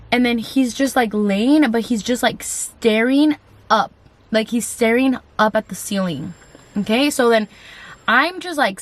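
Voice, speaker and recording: A woman tells a creepy personal story to her camera in a loose, casual vlog. She is chatty and animated, packing her speech with fillers and curse words while she addresses viewers directly. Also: mid-range voice. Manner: chatty, heavy on "like" fillers and swearing; animated, talks straight to viewers. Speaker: YouTuber telling a story.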